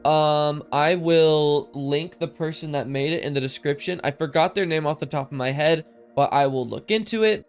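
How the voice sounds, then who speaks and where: A man giving casual, rambling game commentary, easily amused, his esses sounding a bit lisped through his microphone filters. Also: fairly high pitch. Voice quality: lisp-like sibilance from mic filters. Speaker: gaming commentator. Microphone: desk mic with processing filters.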